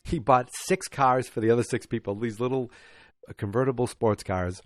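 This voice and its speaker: A man's voice: medium pitch, moderate pace, no echo, clean studio sound, faint music behind. Tired, rambling man recapping a sitcom. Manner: rambling, many fillers and restarts; acts out quoted lines in a raised voice. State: tired, yawning. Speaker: podcast host. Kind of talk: casual episode recap.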